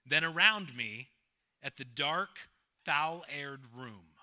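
Pastor guy preaching, bright sharp voice, swings all over in pitch. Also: expressive, takes it slowly. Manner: emphatic, repeats key phrases. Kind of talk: sermon.

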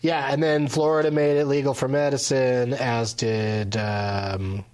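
A man hosting a podcast in a casual chat, relaxed and full of fillers. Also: medium pitch. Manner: relaxed, drawn-out filler-heavy delivery. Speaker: podcast host.

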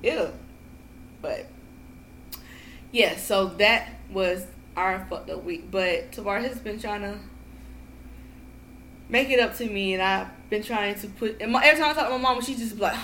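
A woman guest in casual podcast chat, telling profane, animated stories and acting out what people said. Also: medium pitch, moderate pace, long pauses, slight background noise. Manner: animated, profane storytelling with acted-out quotes.

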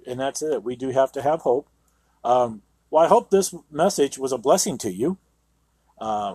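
This is a Christian radio host and Bible teacher with a husky, slightly mellow voice of medium pitch, recorded with no echo. He reads passages of scripture and adds sermon commentary, speaking earnestly and with emphasis while often dropping in "you know."

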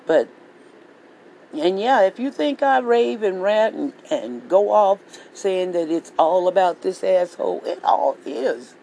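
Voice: medium pitch, animated, a little slow, creaky, warm tone, slight background noise, rough recording. A vlogger delivering a heated political rant monologue, swearing freely and repeating phrases for emphasis. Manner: profane, repetitive, heated ranting.

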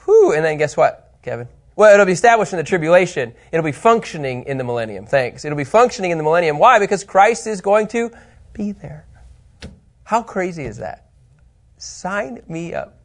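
Lively man teaching a Bible lesson. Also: a little high, moderate pace. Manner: animated, keeps checking in with listeners and a co-host.

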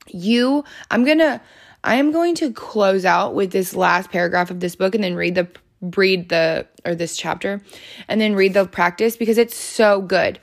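A woman's voice: mid-range voice, normal speed, gravelly. A woman hosting a self-help podcast, earnestly encouraging the listener and reading passages aloud from a book. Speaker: podcast host.

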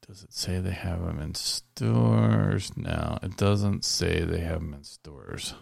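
A man's voice: sits low, slow pace, creaky, a little mellow, husky, no echo, clean studio sound. A man hosting a casual podcast chat, reading out news items and laughing often. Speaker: podcast host.

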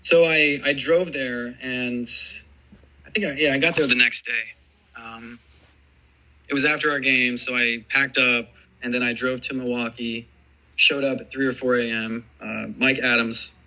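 A man in his forties, a former baseball player, telling rambling, animated stories in a casual interview. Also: mid-range voice, a little slow, dull audio. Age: 40s. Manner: rambling, animated storytelling full of "dude" and "man".

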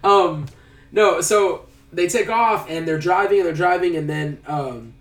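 A man's voice: sits high, measured pace. A man casually recapping a movie plot, rambling and hesitant with lots of fillers. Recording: roomy sound, a bit far from the mic.

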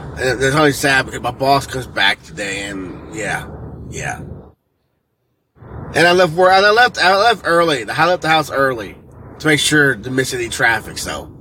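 A man's voice: mid-range voice, big pitch swings, moderate pace, pushed and bright. A man talking casually to a vlog from his car in traffic, rambling and swearing with lots of fillers. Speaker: father telling a story.

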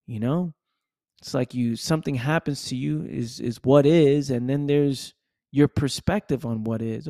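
A man's voice: medium pitch, normal speed, gravelly, dark tone, no room sound, studio quality. A man giving an emphatic motivational monologue, repeating himself and dropping "right?" and "man" asides. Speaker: motivational speaker.

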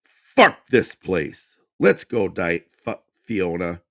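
A man's voice: sits low, big pitch swings, a little slow, voice pushed up, full character voice. A man voicing a rude, abusive, short-tempered young man who snaps and swears. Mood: raging. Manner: snapping, shouting, swearing.

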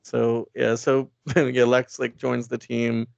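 A man talks through a comic storyline in loose, laughing chat, dropping into the characters' voices as he goes. His voice has a gravelly edge, and the recording sounds dull and dry. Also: medium pitch, flat delivery, takes it slowly, no echo. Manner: rambling, laughing, acts out characters' lines. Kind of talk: casual comic book chat.

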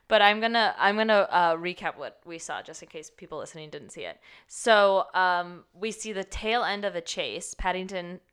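A woman with a smooth, fairly low voice hosts a casual podcast. She recaps a movie in a loose, chatty way, padding her sentences with "like" and "um". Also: normal speed, few pauses, fairly bright tone. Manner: chatty, recaps scenes with lots of "like" and "um". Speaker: podcast host. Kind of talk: casual movie-discussion chat.

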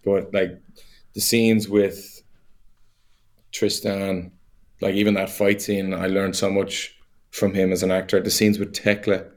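Low-voiced Irish man telling stories. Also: measured pace, pauses often. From Ireland. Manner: animated storyteller, laughs easily, many fillers. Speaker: actor guest. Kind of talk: casual interview chat.

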